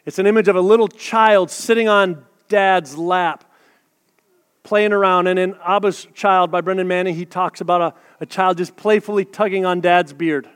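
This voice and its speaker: High-voiced male pastor in a reverberant hall. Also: fairly bright tone, smooth. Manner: conversational, joking asides to the congregation. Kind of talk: sermon.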